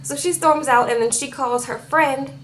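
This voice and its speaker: Chatty woman recapping a show, higher voice. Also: moderate pace, a bit bright, a little hiss or hum. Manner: chatty retelling, acts out quotes, tags sentences with "okay?". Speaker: reality TV recap vlogger. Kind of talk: casual episode recap.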